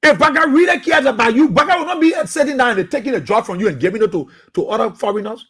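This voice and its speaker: A man with a Liberian English accent giving impassioned political commentary as a radio talk show host, repeating his points and sometimes shouting. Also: very high-pitched, lively intonation, fast, breathy edge. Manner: impassioned, preachy, repeats phrases, shouts at times.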